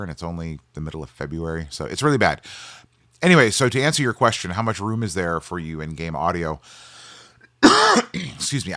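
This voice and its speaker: A man's voice: low voice, fairly bright tone, dry recording, studio quality. A man in his forties, a game sound designer, answers viewer questions in a loose, casual way with lots of ums and restarts, and coughs now and then from allergies. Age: 40s.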